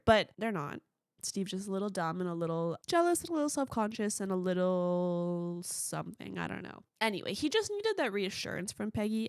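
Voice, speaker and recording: A young woman hosts a casual movie recap podcast in a medium-pitched voice, gushing and excitable, and she swears casually. The recording is dry and close, with no room sound. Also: no echo. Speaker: podcast host.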